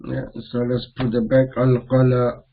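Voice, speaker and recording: A man teaching a grammar lesson, repeating each Arabic term slowly as he mixes it into English explanations. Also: on the high side, narrow, tinny audio.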